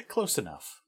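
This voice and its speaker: A podcast co-host in casual chat, telling band history with dry, sarcastic asides. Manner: dry sarcastic asides, laughs at own jokes.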